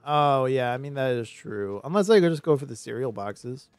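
A man streaming a game, rambling in casual commentary with sudden excited outbursts. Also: medium pitch, normal speed, smooth, faint music behind.

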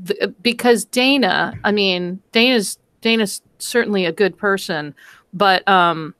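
A woman in casual book-club chat, unhurried and slow, often pausing on "um" and restarting her thoughts. Her pitch is ordinary and her delivery easygoing. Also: a bit bright. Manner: hesitant, with fillers and restarts. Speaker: podcast co-host.

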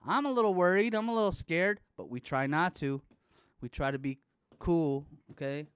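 A man's voice: on the high side, moderate pace, clear, resonant tone, no echo. Rambling, jokey man from the Bay Area. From Bay Area, California. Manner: rambling, profane, jokey, baby talk to his son. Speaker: podcast host. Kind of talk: casual chat. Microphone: studio microphone.

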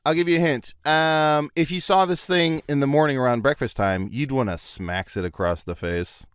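A man co-hosting an improv comedy podcast, giggly and halting as he sets up riddles and scenes. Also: fairly high pitch, a bit bright, clear, resonant tone, no echo, studio quality. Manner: giggly, halting, many fillers. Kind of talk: casual comedic banter.

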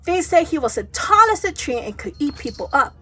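A woman telling a children's story aloud, acting out sound effects and character voices with lively expression. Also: high voice, a little fast, faint music behind.

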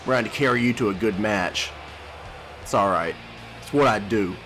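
A man doing loud, profane, brash trash talk while commentating his own wrestling game, with mock-tender jabs at his opponent. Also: on the low side, normal speed, faint music behind. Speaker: gaming YouTuber.

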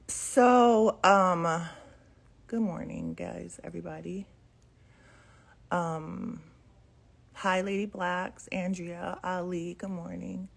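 A woman's voice: lowish voice, steady tone, takes it slowly, gravelly, pauses often. A woman in her forties chatting casually to viewers from home in the morning, rambling with many ums, speaking into a phone she holds in her hand. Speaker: vlogger. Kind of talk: casual live chat to viewers. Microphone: phone held in hand.

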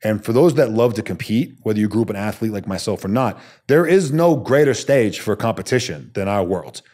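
A man's voice: lowish voice, lively intonation, a little fast, a little mellow. A man, a former soldier, telling his story bluntly and emphatically as a podcast guest, swearing casually.

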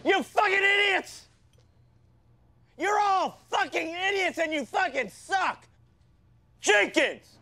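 A man playing a shrill, gravelly, hot-tempered football coach. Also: lively intonation, slow, pauses often, exaggerated voice. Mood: ranting. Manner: yelling insults at players. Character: foul-mouthed abusive male football coach, hot-tempered. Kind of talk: comedy sketch rant.

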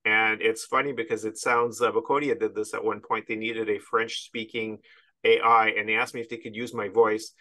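A man's voice: lowish voice, flat delivery, normal speed, pushed and bright. A man from Canada, a podcast guest, talking casually and rambling with frequent restarts and chuckles. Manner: rambling, self-interrupting, chuckles at absurdities. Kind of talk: casual interview chat.

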